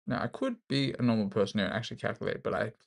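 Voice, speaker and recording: Jokey Australian man with gravelly voice. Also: on the low side, racing. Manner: jokey, thinks aloud, self-mocking. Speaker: chess streamer. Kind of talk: casual commentary while playing online chess.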